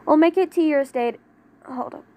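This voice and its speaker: Woman doing a deadpan, blunt young swordsman. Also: a little fast, lightly acted. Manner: deadpan, blunt, low-key. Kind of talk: fan audio drama reading.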